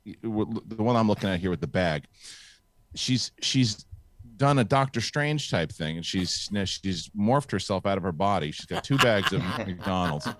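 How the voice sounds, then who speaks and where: A man hosting a casual live-stream chat, animated, swearing freely and restarting his sentences. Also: fairly low pitch, moderate pace, no echo. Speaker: host.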